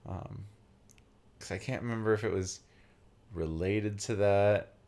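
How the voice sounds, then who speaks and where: A young man from Virginia, USA, chats casually while playing a game for a let's play. His voice is fairly low and darkish at a measured pace, and he rambles, filling his talk with lots of "like" and "um."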